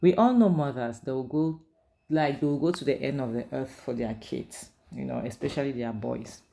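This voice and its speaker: A woman recaps and reviews a drama series in a casual, chatty, opinionated way, often saying "like" and "you know." Her voice is a rumbling low, creaky and mellow, at normal speed.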